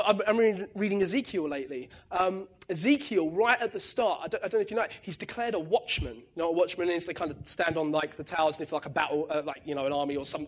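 A man preaches in a loose, conversational way, often tagging "right?" onto his points. His voice sits fairly high and husky, and he pushes hard on key words. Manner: chatty, keeps asking "right?", restarts words, lively bursts of emphasis. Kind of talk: conversational sermon.

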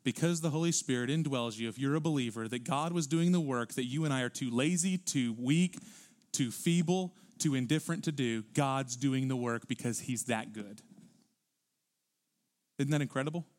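A male pastor preaching a sermon in a church, animated, rising to loud emphatic peaks and dropping to quiet low asides. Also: normal speed. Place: church sanctuary.

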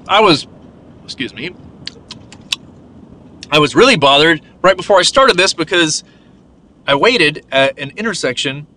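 Bright-voiced man venting while driving. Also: medium pitch. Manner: rambling, venting, swears freely. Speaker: podcast host. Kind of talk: unscripted solo podcast while driving. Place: in a car on the road. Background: faint vehicle noise.

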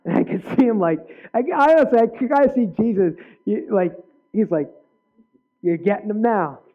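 A male preacher giving an earnest personal testimony in a sermon, with sudden loud bursts. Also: high voice, expressive, a little fast. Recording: tinny phone-like sound.

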